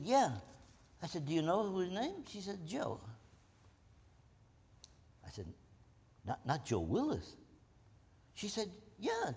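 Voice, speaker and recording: Lively older man, echoing hall. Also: medium pitch, breathy edge. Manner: animated, acts out voices in anecdotes; frequent repeated starts. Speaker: war veteran storyteller. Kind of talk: oral history storytelling. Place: presidential library, indoors. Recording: reverberant hall.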